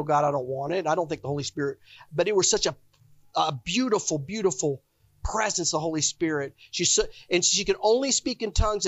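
A man's voice: high voice, a bit bright, dry recording. A man preaching a sermon, telling his own stories with fervent emotion. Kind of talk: testimonial sermon. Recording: dull, dry lo-fi recording.

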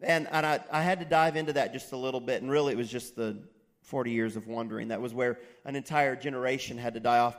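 A man's voice: fairly high pitch, fast talker. A man preaching a sermon, talking casually and reading scripture aloud with frequent asides to the congregation. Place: church stage. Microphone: filmed on camera.

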